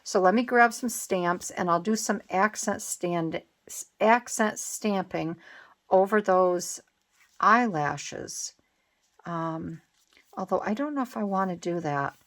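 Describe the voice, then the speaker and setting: Talking slowly in a mid-range, slightly bright voice, a woman works on her art journal for her craft channel. Her narration is relaxed and thought-out-loud, drifting between ideas and reversing decisions.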